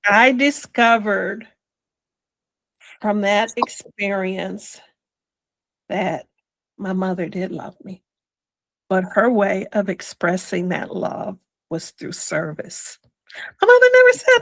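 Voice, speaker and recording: An older woman tells her own story as an interview guest in a slow, reflective manner, lowering to a whisper for quoted words. Expressive and fairly bright, her voice sits a little high, in a rough recording with no room sound.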